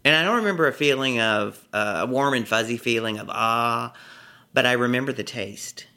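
A middle-aged man from Texas, a comedic storyteller, telling a vivid personal story in a lively, theatrical way and savoring his words. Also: mid-range voice, moderate pace. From Texas, USA.

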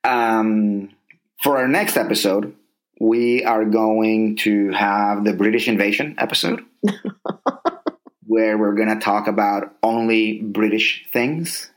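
A man's voice: fairly low pitch, takes it slowly, poor audio. A man co-hosting a podcast in casual chat, rambling enthusiastically about movies and shows. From grew up partly in a Spanish-speaking place. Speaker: podcast co-host.

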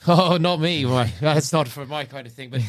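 A man's voice: fairly high pitch, moderate pace, dry recording, clean studio sound. A man playing a tabletop game, chatty and laid-back, often laughing. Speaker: player. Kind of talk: casual role-play chat.

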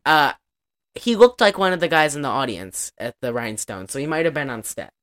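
Low-pitched woman, casual co-host, profane and chatty. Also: animated, a little fast. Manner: chatty, profane, laughs often. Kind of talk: casual chat recapping a movie.

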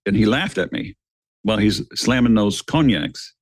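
A middle-aged man, a retired police officer, telling a dramatic story as a podcast guest, earnest, calling his listeners gentlemen and repeating words as he builds the story. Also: fairly low pitch, animated, moderate pace, no echo.

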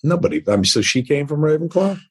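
A man's voice: on the high side, very animated, quick pace, husky. A man co-hosting a casual podcast, laid-back and joking with lots of swearing. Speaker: podcast co-host.

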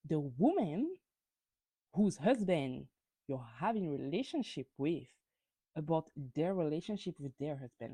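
Animated woman ranting about reality TV. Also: medium pitch, measured pace, breathy edge, dry recording. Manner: animated, ranting gossip with frequent swearing; stumbles and repeats words when worked up. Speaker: podcast host. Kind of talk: reality TV recap monologue.

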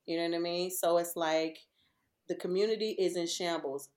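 Her voice sits on the lower side and moves at an ordinary pace. This podcast guest, a woman likely in her thirties or forties, is a lively storyteller in a relaxed conversation, breaking into laughter often.

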